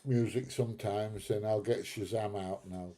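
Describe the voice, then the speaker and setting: Self-mocking British bloke, dark voice. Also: male voice, lowish voice, steady tone, normal speed. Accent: British English. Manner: laughs often, self-mocking, calls people mate. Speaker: live stream host. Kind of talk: casual chat reading viewer comments.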